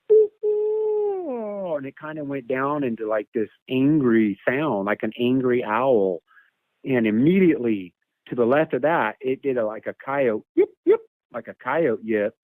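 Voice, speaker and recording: Heard over a tinny, dry phone line with no echo, a man of medium pitch rambles casually through a long personal encounter tale. He repeats words and breaks into imitations of animal calls as he goes.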